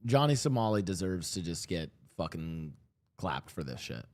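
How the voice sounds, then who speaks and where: A man's voice: sits low, normal speed. A young man streaming, reacting to news clips, swearing and talking to his chat. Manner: swearing, animated, talks to chat. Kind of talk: live-stream reaction commentary. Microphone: desk streaming mic.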